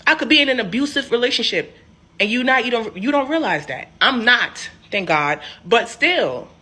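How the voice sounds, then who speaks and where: A young woman telling a personal story in a casual, animated, sassy way. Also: fairly high pitch, normal speed. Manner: animated, sassy, emphatic swings.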